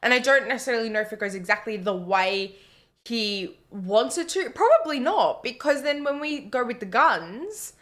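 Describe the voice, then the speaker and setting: A playful woman co-hosting a casual reaction video. Her voice sits on the high side and sounds bright and crisp. Her pitch swings widely as she talks. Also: lively intonation, normal speed. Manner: giggly and playful. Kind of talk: casual chat reacting to a TV show.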